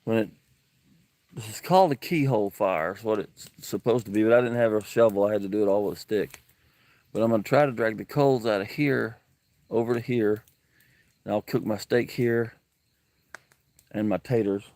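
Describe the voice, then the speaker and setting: A man's voice: on the low side, normal speed, pauses often, darkish tone, no echo. A man, livestreaming from an outdoor campsite, talking earnestly and emotionally to viewers and reading out their comments. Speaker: camping livestreamer. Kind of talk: casual livestream chat.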